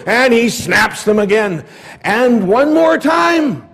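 Slow, high-voiced preacher telling a story. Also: male voice, expressive, fairly bright tone. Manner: dramatic storytelling. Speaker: pastor. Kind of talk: sermon. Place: church.

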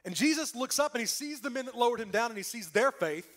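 A man delivers a church sermon in a high, bright-sitting voice. His pitch leaps and falls with great animation. He pushes key lines out loud and then sinks to a near hush for effect. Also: fast. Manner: lively preaching with dramatic drops to a hush. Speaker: pastor. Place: church sanctuary.

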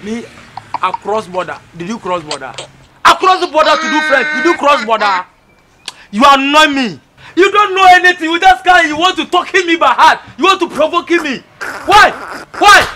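A man's voice: extremely high pitch, very animated, normal speed. Man playing a boastful fake French teacher. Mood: indignant. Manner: shouting lessons, then indignant and tearful. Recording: noisy recording.

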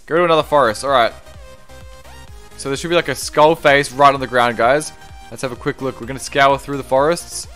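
A young man streaming a game, chatting casually, reading viewer comments aloud and breaking into excited exclamations. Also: medium pitch, a little fast, soft background music. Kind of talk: live-stream gameplay commentary.

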